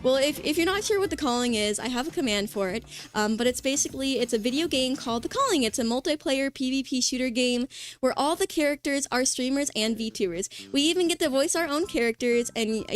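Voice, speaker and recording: A woman VTuber chatting casually on a livestream, excitable and rambling with lots of fillers. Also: high voice. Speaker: VTuber streamer.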